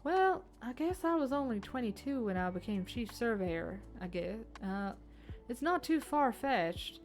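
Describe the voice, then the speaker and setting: A woman's voice: on the high side, big pitch swings, unhurried, soft background music. A woman doing a brash, drawling young chief surveyor. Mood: musing. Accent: British received pronunciation put on. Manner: drawling, blunt, swearing.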